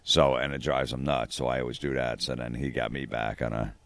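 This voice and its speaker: Very deep-voiced man telling stories deadpan. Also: brisk, vocal fry. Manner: deadpan storytelling, acts out dialogue. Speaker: comedian guest. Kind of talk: casual interview chat. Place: on location, dry room.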